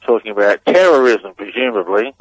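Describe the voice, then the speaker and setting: A man's voice: lowish voice, animated, fairly quick, slight background noise, rough recording. A man appearing as a radio guest, explaining audio clips in a hesitant, amused way with many fillers. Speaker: guest analyst.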